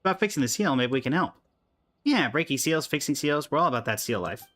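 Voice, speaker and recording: A man voicing a tiny, excitable girl companion in a game, reading her lines in a raised, eager voice. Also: on the high side, quick pace.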